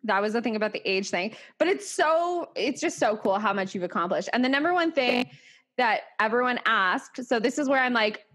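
A woman with a Canadian accent hosts a podcast in a bubbly, chatty way. Her voice sits a little high, and she laughs often while acting out what people said. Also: animated, a little fast, fairly bright tone. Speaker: podcast host. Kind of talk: casual podcast chat.

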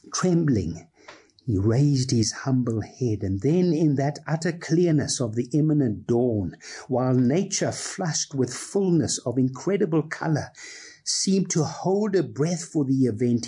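A man preaching a sermon, reading aloud expressively and slipping into casual asides, with a husky voice. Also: medium pitch, warm tone. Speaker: pastor.

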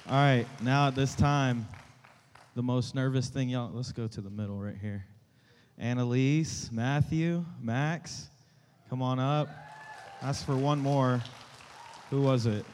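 A man, a youth pastor talking casually to his church, joking and rambling, and sometimes rallying the room to shout back. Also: medium pitch, slight background noise. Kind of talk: casual church talk to a congregation. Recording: reverberant church hall.

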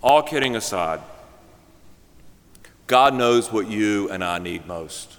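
A man's voice: on the low side, lively intonation, takes it slowly, a bit bright. A male pastor delivering a sermon, telling a joke story and then speaking earnestly. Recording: long hall reverb.

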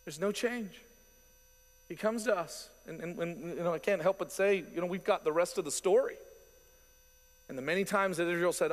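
A male pastor delivers a sermon in an animated, conversational style, slipping into asides and quick quoted voices. His voice sits slightly high for a man. A long hall reverb trails every phrase.

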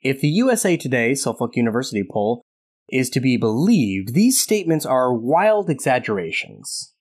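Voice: mid-range voice, moderate pace. A podcast co-host in casual discussion who cracks jokes and reads article passages aloud. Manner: animated, joking asides, reads article excerpts.

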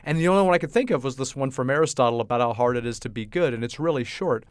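A man's voice: mid-range voice, rapid-fire, smooth, dry recording. A middle-aged man co-hosting a podcast, telling stories in casual chat and acting out the people he quotes. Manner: animated storyteller, acts out quoted people. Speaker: podcast co-host.

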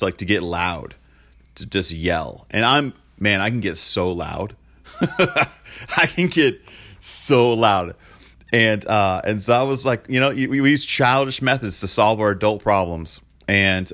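Casual low-voiced male pastor. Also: fairly bright tone. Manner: conversational and confessional, lots of fillers like "like" and "man". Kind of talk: sermon.

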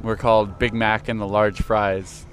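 Frontman, male, low-ish voice, relaxed rambling talker, street interview outside a club. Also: measured pace, a little hiss or hum. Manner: laid-back, rambling, laughs easily. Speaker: band frontman. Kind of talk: casual interview chat.

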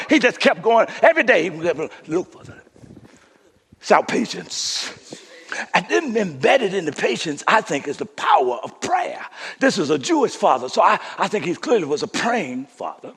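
A man preaching a sermon as pastor, calling out to the congregation and swinging from shouts to soft hushes. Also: high voice, breathy edge, in a large hall.

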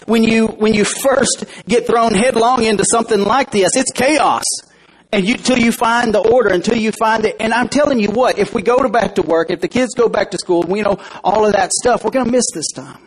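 Husky high-voiced male pastor preaching. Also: brisk, poor audio. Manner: conversational preaching with questions to the congregation. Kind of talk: sermon. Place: church.

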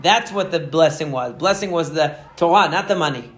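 A man teaching a Torah lesson, telling a story in an animated way with many fillers and restarts. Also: a little high, normal speed, few pauses.

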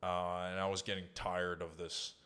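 A man's voice: low voice, completely flat delivery, normal speed, sharp tone, clean tone. A man, a guest on an interview show, telling casual, profane, rambling stories with lots of fillers. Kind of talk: casual storytelling.

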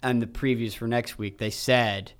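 A man's voice: mid-range voice, steady tone, moderate pace, clean tone. A man co-hosting a podcast, chatting casually about a reality show in a teasing, profane way. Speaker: podcast co-host.

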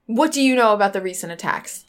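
A woman voicing a blunt, clumsy female adventurer who asks curt, flat questions. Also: mid-range voice, quick pace, clear, resonant tone, natural voice. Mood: stern.

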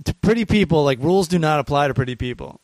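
A man's voice: a little high, lively intonation, quick pace, darkish tone, no echo. A man hosting a podcast alone, chatting casually and crudely with a caller, full of jokes. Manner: crude, joking, playful. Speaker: podcast host.

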